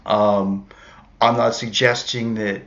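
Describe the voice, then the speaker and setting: A man's voice: lowish voice, flat delivery, takes it slowly, fairly bright tone. A man telling a personal story in a casual, rambling way, correcting himself as he goes, on a dull lo-fi recording. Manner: rambling, self-correcting, conversational. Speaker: street musician telling a story.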